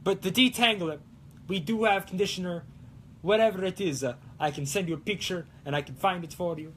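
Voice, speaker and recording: Man doing a hammy fake-Italian rancher, high and bouncy, theatrical. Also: brisk, a bit bright, slight background noise. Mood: playful. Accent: put-on Italian. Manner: theatrical, rambling, sing-song. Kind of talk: livestream chat in character.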